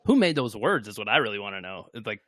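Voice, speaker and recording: Young dude on a football podcast, deadpan jokes, dry close sound. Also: male voice, on the low side, quick pace, dry recording. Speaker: podcast co-host. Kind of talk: casual sports chat.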